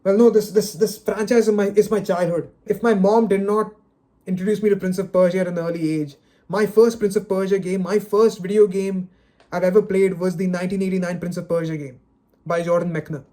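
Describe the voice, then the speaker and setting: This video creator speaks a little fast in a high, mellow voice with fairly even intonation. Ranting unscripted and alone on camera, he is dejected and frustrated, sighing in exasperation and stammering over repeated words.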